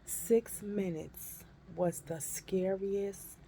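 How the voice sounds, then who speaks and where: A woman in her fifties telling a personal story in a folksy, animated way and calling listeners honey and baby. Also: medium pitch, very slow, a little hiss or hum. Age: 50s. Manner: animated, acts out her own cries and shrieks. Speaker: vlogger.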